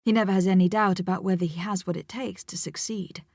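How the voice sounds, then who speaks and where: A woman's voice: lowish voice, steady tone, fast talker, a little mellow, dry recording, studio quality. Woman reading a reflective audiobook. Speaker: audiobook narrator. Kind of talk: first-person audiobook narration.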